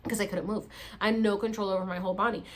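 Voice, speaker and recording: A woman vlogger telling a story to camera in a casual, animated way, swearing freely and acting out her own reactions. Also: medium pitch, rapid-fire, a little hiss or hum.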